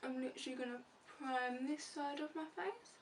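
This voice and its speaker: A woman's voice: high-pitched, normal speed. Chatty woman vlogger, mic set back. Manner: chatty, narrates each step as she goes. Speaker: beauty vlogger. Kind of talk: casual makeup tutorial chat. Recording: distant mic with faint room noise.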